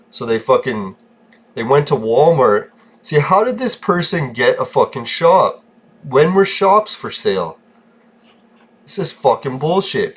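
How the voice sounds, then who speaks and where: A man's voice: medium pitch, fairly bright tone. A man giving casual gameplay commentary, ranting and swearing often, in a short-tempered, irritable way. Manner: profane, ranting, easily irritated. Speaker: gaming vlogger.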